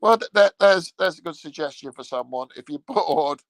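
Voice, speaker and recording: A man with a gravelly, slightly high voice hosts his own show in a loose, rambling monologue. He talks slowly and swears freely, joking as he goes. The sound is close and dry. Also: lively intonation, no room sound, poor audio. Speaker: streamer host.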